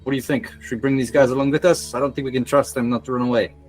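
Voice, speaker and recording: Male player, relaxed, wry. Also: mid-range voice, racing, faint music behind. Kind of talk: tabletop game play.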